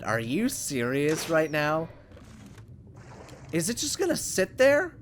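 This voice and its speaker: A young man casually commenting on his gameplay for viewers, excitable and rambling, talking to the creatures he meets. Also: a little high, slow pace, a little hiss or hum. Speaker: gaming channel host. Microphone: USB condenser microphone.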